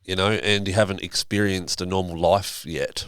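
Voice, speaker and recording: An Australian man hosting a relaxed podcast chat, mostly chiming in with short replies and the odd swear word. His voice is very deep and smooth. The recording is dry, with no room sound. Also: moderate pace, no room sound. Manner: laid-back, short agreeing replies, swearing. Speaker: podcast host. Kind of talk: casual interview chat.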